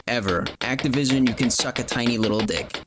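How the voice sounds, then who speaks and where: A man's voice: medium pitch, quick pace. A man hosting a gaming stream, chatting casually with blunt, profane banter. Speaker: stream host. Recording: noisy game stream audio.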